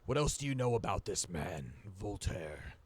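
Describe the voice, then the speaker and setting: A man acting as game master, voicing a grave, protective shape-changer chieftain in a tabletop game with a slow, solemn manner. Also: deep voice, big pitch swings, a little mellow, husky, dry recording, full character voice. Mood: grim.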